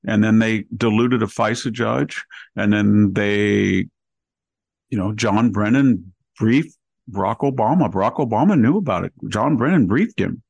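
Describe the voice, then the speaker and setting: A man hosting a political podcast who piles up grievances in a sarcastic, rapid-fire way, recorded close on a studio mic. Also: on the low side, creaky, darkish tone, slightly rough, dry recording, poor audio. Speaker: podcast host. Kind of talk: political commentary conversation.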